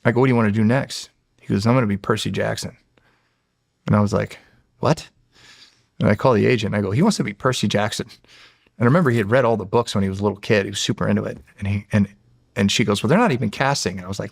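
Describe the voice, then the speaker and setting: A man's voice: fairly low pitch, quick pace, creaky, no echo, clean studio sound. A man in his forties, a podcast guest, telling a long, emotional story in a rambling way with many restarts. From United States. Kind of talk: casual storytelling.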